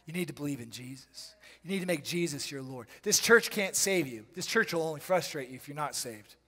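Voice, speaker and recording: A high-pitched man delivers a charismatic sermon in a church sanctuary, and his voice rings with a long hall reverb. He jumps between loud, dramatic bursts and quieter, playful asides full of slang. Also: expressive, breathy edge. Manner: preaching with sudden loud bursts and dramatic pauses. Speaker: pastor.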